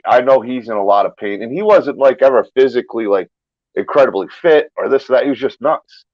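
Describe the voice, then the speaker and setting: A man hosting a casual chat, easygoing, trailing off and dropping soft at the ends of remarks. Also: medium pitch, animated, fairly quick, no echo, muffled recording. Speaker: host.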